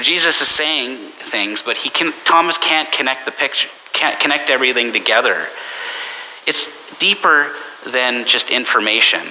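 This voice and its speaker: A man preaching a sermon as pastor, conversational and anecdotal, slipping into animated voices for the people he quotes. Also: medium pitch. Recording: long church reverb with faint hiss.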